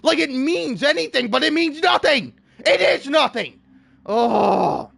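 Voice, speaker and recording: High-voiced man in an exasperated rant. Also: expressive, a little slow, gravelly, no room sound. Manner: exasperated, theatrical, swinging between shouting and muttering. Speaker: online video creator. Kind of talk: comedic rant.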